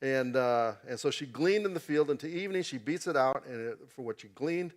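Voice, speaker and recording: A man's voice: medium pitch, animated, brisk. A man teaching an informal Bible class in a church. He is chatty and keeps checking in with the class as he goes.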